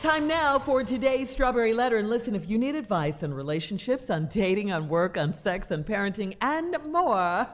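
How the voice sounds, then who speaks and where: A woman's voice: mid-range voice, animated, normal speed, hardly any pauses, a little hiss or hum. A woman radio co-host reading a listener's advice letter aloud, laughing easily.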